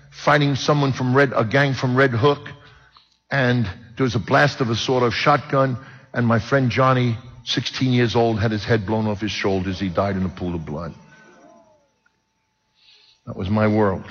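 A man's voice: medium pitch, a bit bright, breathy edge. An older man, preaching a personal testimony and joking with the audience. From Brooklyn, New York. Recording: dull sound with long hall reverb.

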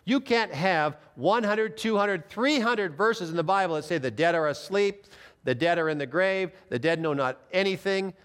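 A male pastor delivers a Bible teaching in an emphatic, explanatory way. His voice sits a little high for a man and swings widely in pitch. He reads scripture aloud and then unpacks it. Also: animated, moderate pace, a bit bright, clear, resonant tone.

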